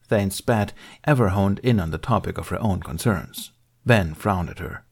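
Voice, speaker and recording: Low-voiced man narrating fan fiction. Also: normal speed, creaky, slightly rough. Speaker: audiobook reader.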